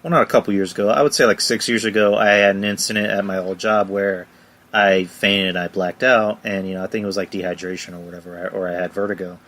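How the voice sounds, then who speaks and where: A man's voice: low voice, fairly even intonation, fast, a bit bright. A man hosting a casual podcast chat, rambling with many fillers and laughing along. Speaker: podcast host.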